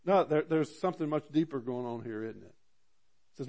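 Preacher man swinging loud to soft. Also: medium pitch, animated, moderate pace. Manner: rises loud on scripture readings, drops to soft asides; repeats words and restarts often. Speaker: pastor. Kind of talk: sermon.

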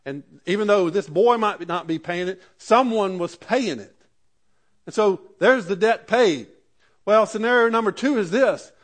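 A man's voice: sits high, lively intonation, unhurried. A man preaching a sermon in a conversational way, building to emphatic peaks. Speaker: pastor.

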